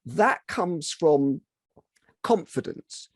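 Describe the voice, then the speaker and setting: A man's voice: on the high side, very animated, very slow, no room sound, studio quality. A man hosting an interview, reflecting on ideas about communication in a conversational way. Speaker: host, interviewer. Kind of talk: casual interview chat.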